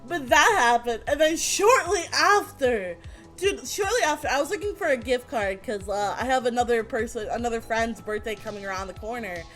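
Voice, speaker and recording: Woman, streamer, casual storytelling, high voice, soft music behind. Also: normal speed. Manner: animated, rambling, swears freely.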